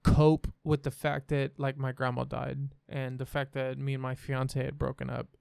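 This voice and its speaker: A young man speaks as a podcast guest in a smooth, clear voice. He is frank and rambling and swears freely. The sound is close and dry. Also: mid-range voice, completely flat delivery, normal speed, darkish tone, no echo. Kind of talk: candid personal storytelling.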